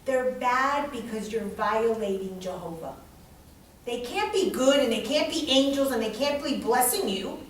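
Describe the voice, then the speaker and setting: A woman teaching a class, lecturing in a dramatic and animated way and swearing freely. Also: fairly high pitch, unhurried, slight background noise. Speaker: instructor leading a class. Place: large echoey classroom. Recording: echoey classroom, distant mic.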